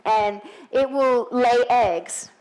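A woman's voice: a little high, drawn-out words, darkish tone, poor audio. A middle-aged woman with a non-American English accent, preaching a sermon in a church in a chatty way with joking asides.

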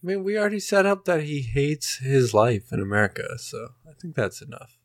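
A young man co-hosting a podcast, pitching story ideas with pauses and searching for words. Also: big pitch swings, no room sound, studio quality. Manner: halting, searches for words, laughs often. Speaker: podcast co-host. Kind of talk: casual comedic brainstorming chat.

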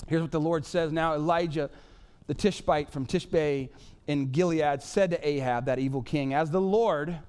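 A man's voice: on the high side, moderate pace, clear, resonant tone. A man preaching a casual, joking sermon full of "y'all" and "like". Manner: animated, joking, says "y'all" and "like" a lot. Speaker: pastor.

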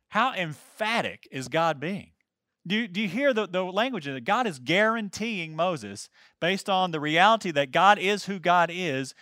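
A man's voice: high voice, big pitch swings, a little slow, pushed and bright, no room sound, studio quality. A man preaching a sermon, reading scripture aloud and breaking in with emphatic comments to his listeners. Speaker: pastor.

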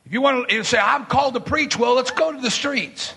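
Man, preacher, very high voice, fiery sermon, shouted bursts. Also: brisk, creaky, breathy edge. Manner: shouting bursts, dramatic retelling with voiced quotes.

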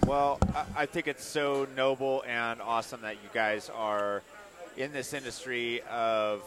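A man's voice: mid-range voice, fairly even intonation, measured pace, crowd noise. A man who is an executive chef, answering thoughtfully in a rambling way. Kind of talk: casual interview.

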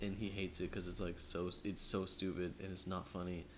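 A man with a very low voice co-hosts a podcast in loose, casual chat. He tells long, rambling stories full of fillers and restarts. A faint hiss sits under the recording. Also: little pitch movement, a little fast. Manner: rambling storyteller, many fillers. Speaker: podcast co-host.

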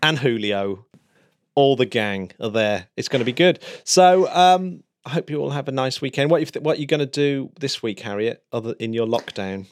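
A man's voice: medium pitch, moderate pace. A man hosting a casual podcast, chatty, laughing easily and often restarting his sentences. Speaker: podcast host.

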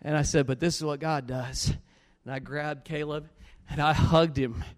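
A man preaching a sermon, telling a story with animated swings between loud bursts and low, earnest pleas. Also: moderate pace, big-room sound.

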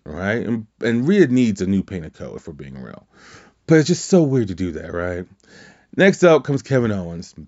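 A man's voice: on the low side, a little mellow, muffled recording. A man hosting a podcast, recapping wrestling in casual, rambling chat full of swearing and fillers. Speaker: podcast host.

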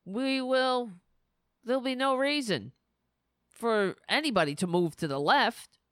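A woman hosting a political talk show, tired and sleepy, sliding into sarcastic, animated rants. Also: a little high, measured pace, clear, resonant tone, no room sound, studio quality. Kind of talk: casual political commentary.

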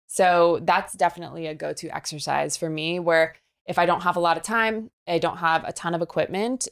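A young woman speaking as a fitness trainer in an interview, with a slightly low, easy voice. She explains things in an upbeat, coaching way, with lots of practical asides. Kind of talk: podcast interview conversation.

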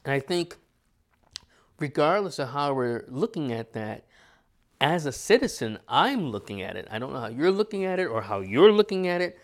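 A man's voice: a little high, big pitch swings, normal speed. American male astrologer, casual and reflective, rhetorical questions. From United States. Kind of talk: casual conversation.

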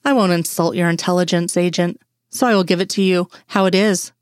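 A woman's voice: lowish voice, steady tone, a little fast, dry recording, natural voice. A woman voicing a stern, condescending male FBI assistant director in a dry-sounding read story. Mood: sneering. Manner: cold, clipped, condescending.

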